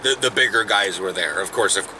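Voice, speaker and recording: Speaking low and slightly quickly, this young vlogger and football player chats casually while filming in a car before moving outdoors. The background is noisy, and he rambles, restarting sentences and laughing along the way.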